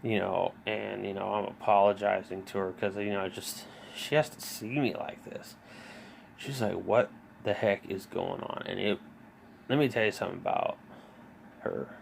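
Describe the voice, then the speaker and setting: A vlogger in his thirties, with a lowish, gravelly voice and fairly even intonation, rambles loosely through a story about himself. He plugs every pause with fillers, restarts often, and swears freely, over faint room noise.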